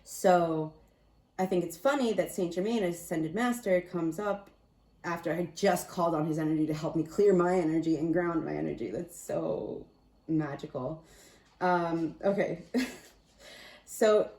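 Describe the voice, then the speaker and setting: Low-voiced woman giving a rambling card reading. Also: measured pace, long pauses, a little mellow. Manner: meandering, chatty, self-amused. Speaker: tarot and oracle card reader. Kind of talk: casual spiritual card reading. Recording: roomy echo, distant mic.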